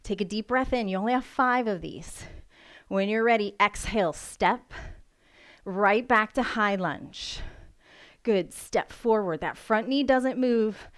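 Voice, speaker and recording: Slow-paced smooth-voiced woman yoga instructor. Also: medium pitch. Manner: encouraging, counting reps aloud. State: breathing hard from exercising. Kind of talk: guided workout instruction. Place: home room.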